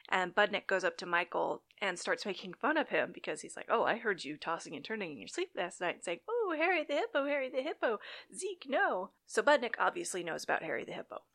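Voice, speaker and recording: A woman's voice: fairly low pitch, vocal fry, fairly bright tone. A woman chatting casually and dramatically as she recaps a TV episode, with wry asides.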